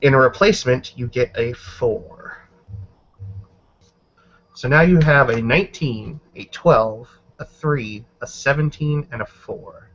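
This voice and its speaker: A man running a tabletop game as game master, describing the scene in a measured way. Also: medium pitch, fairly bright tone. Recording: dull lo-fi recording.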